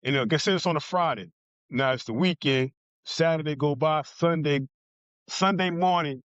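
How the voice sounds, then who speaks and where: A man's voice: fairly high pitch, moderate pace, fairly bright tone, no echo, dull audio. A man from New Jersey telling a blunt, profane story as a podcast guest and acting out other people's lines. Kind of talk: casual storytelling.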